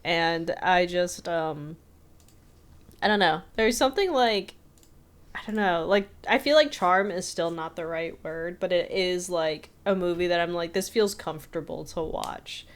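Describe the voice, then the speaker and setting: A woman co-hosting a casual film podcast, chatty and quick to laugh, often quoting lines in a flat, deadpan voice. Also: on the low side. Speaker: podcast co-host.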